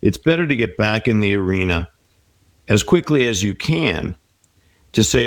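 A man's voice: fairly low pitch, animated, moderate pace, pauses often, no echo. A middle-aged man speaking as an interview guest, reflective and encouraging as he gives life advice. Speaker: guest author. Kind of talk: conversational interview.

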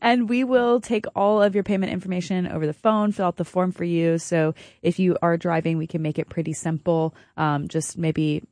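Woman radio co-host, friendly, persuasive, low voice, dry close studio mic. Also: fairly even intonation, moderate pace, few pauses, a little mellow, no echo. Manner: friendly, laughs often, persuasive. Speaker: radio station fundraising co-host. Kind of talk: on-air fundraising chat. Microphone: studio microphone.

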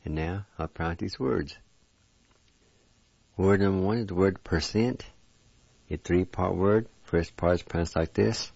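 A man with a deep, mellow voice leads a language lesson at an unhurried pace. He sounds out each word one syllable at a time. The recording is dry and dull, with a lo-fi quality. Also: gravelly, dry recording. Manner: slow, breaks words into syllables. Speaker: language teacher.

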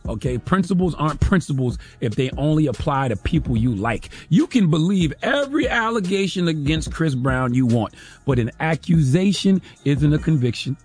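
A man's voice: fairly high pitch, expressive, normal speed, a little mellow, slightly rough, soft background music. A man giving an emphatic, sarcastic opinion commentary as a host, often tagging lines with "okay?".

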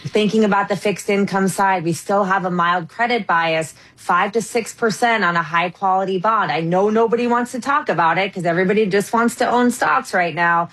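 A woman investment strategist speaking as a guest on a radio show, measured and polite. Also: mid-range voice, a bit bright, low-quality recording. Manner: measured, polite, lightly self-deprecating. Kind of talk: radio interview.

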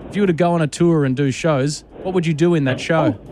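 A man's voice: a little high, quick pace, a little mellow, slight background noise. A man hosting a radio call-in, upbeat and steering the conversation. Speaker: radio host. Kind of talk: radio talk banter.

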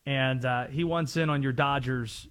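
A man's voice: mid-range voice, steady tone, measured pace, fairly bright tone. A man hosting a sports talk show, arguing his opinions assertively and taking callers. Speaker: sports radio host.

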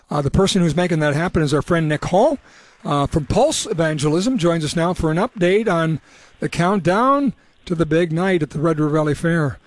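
A man's voice: fairly high pitch, no echo. A man hosting a radio talk show on location at an indoor event, chatting casually and rambling a little. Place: indoor event at a city hall.

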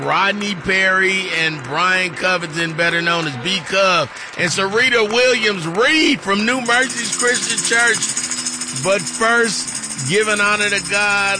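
A middle-aged man with a high, light voice co-hosts a gospel morning radio show from the studio. He chats in a playful, churchy way and now and then breaks into shouted praise. A clear music bed plays under him. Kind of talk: casual gospel radio chat.

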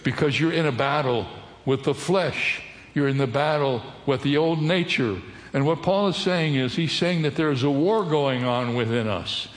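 A man's voice: a little high, normal speed. A man preaching a sermon as a pastor, teaching and putting questions to his congregation. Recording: echoey hall with long reverb.

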